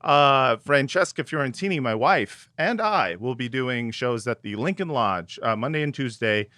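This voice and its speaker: Lively, joking male podcast co-host. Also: mid-range voice, normal speed, no echo. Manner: jokey, sarcastic, lively delivery. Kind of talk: casual comedic banter.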